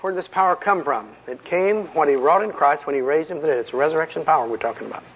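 Male preacher, folksy sermon, husky voice, a bit high, muffled lo-fi recording. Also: fast talker. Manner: folksy, conversational preaching with rhetorical questions.

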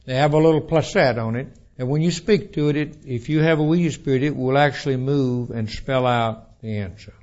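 Folksy preacher, lo-fi. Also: male voice, medium pitch, brisk, hardly any pauses. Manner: folksy, animated storytelling with restarts. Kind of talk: sermon.

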